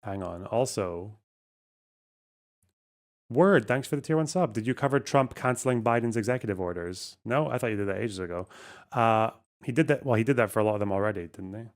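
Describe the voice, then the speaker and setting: A man's voice: on the low side, lively intonation, brisk. A man hosting a live stream, talking casually, reacting to chat, and swearing as he goes.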